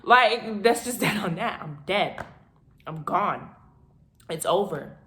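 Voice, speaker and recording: A woman in her twenties telling a personal story in a casual vlog, animated and dramatic, often breaking into laughter. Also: medium pitch, slow pace, roomy sound. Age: 20s. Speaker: vlogger.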